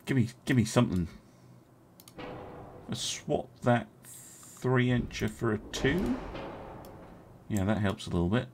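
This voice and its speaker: A young man casually commenting as he streams a strategy game, thinking aloud, chatting with his viewers and filling pauses with many ums and uhs. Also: mid-range voice, creaky, a little hiss or hum.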